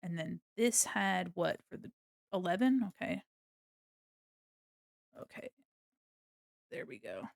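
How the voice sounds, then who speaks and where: A young woman chatting casually on a livestream while she draws, swearing freely, laughing often and softly singing along. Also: on the low side, very animated, takes it slowly, vocal fry, pauses often, no room sound. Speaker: streamer.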